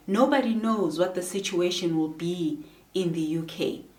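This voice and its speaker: A woman vlogger giving advice in a casual, earnest way, pausing often with ums. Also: medium pitch. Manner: earnest, measured, frequent ums. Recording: roomy echo, distant from the mic.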